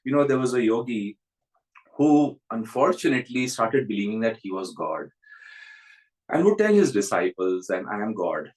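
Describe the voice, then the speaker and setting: A man's voice: mid-range voice, lively intonation, normal speed, a little mellow, rough recording. A man who is a spiritual teacher, giving a reflective spiritual talk and telling stories with frequent chuckles.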